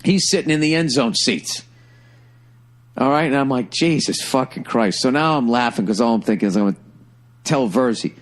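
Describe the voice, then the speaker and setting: A middle-aged man in a mid-range voice spins a humorous tale at normal speed, with the loose, swearing energy of a stand-up comedian guesting on a podcast.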